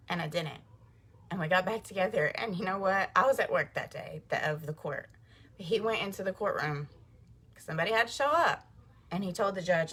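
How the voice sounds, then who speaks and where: A woman tells a personal story in a loose, chatty way. Her voice sits on the lower side. She keeps saying "like" and acts out what others said. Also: a little fast, a bit bright. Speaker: vlogger telling a personal story. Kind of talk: casual storytelling to camera.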